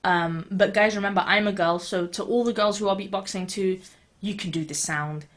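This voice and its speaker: A woman gives a casual beatboxing tutorial for an online video. She talks in an easygoing way with a few fillers. Her tone stays steady and encouraging as she reassures learners. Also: mid-range voice, normal speed. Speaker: beatboxing teacher.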